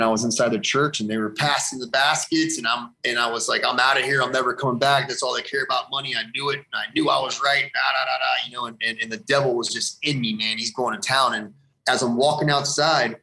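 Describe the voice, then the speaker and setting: A man's voice: medium pitch, steady tone, a little fast, vocal fry, sharp tone. A man giving a personal faith testimony as an interview guest, earnest and rambling, repeating phrases for emphasis.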